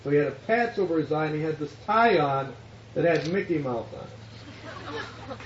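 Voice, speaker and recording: A man's voice: a little high, sing-song, normal speed, slight background noise. A man preaching as a pastor, telling a story and acting out the voices of the people in it. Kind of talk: sermon storytelling. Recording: echoey hall, distant mic, dull sound.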